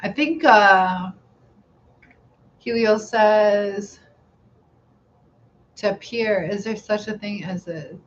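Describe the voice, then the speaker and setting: A middle-aged woman chats slowly and unhurriedly on her live stream, giggling as she reads viewer comments aloud. Her voice comes through a phone mic with a slightly dull, lo-fi sound and faint background noise. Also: medium pitch. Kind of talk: casual live-stream chat reading comments.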